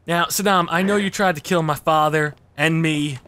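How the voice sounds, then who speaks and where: A man bantering loudly and laughing while playing an online game with friends, teasing crudely. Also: on the high side, steady tone, moderate pace, smooth. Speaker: gamer. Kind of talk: casual gaming banter.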